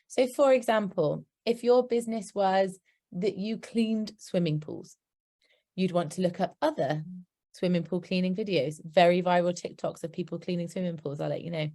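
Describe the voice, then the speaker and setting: British woman, workshop presenter, practical, chatty, mid-pitched voice. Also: a little mellow. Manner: upbeat, practical, chatty asides. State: hiccuping. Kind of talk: instructive presentation.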